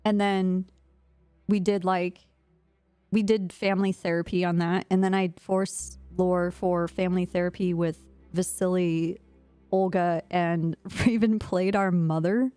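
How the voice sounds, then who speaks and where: A woman's voice: fairly low pitch, fairly even intonation, measured pace, dark tone, clean tone, no echo. A woman streamer chatting casually while gaming, telling a rambling story and laughing often. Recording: faint music behind.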